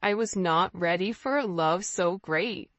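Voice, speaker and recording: A woman's voice: fairly low pitch, unhurried, fairly bright tone, no room sound. A woman giving a casual tarot reading, speaking earnestly and repetitively straight to the viewer. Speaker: tarot reader. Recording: slightly dull lo-fi sound.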